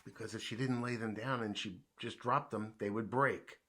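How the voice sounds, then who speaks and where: A man reading a children's riddle book aloud in a playful way, posing each riddle and then answering it himself, dropping to a hushed voice when he plays the puzzled guesser. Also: lowish voice, fairly even intonation, normal speed, a little hiss or hum.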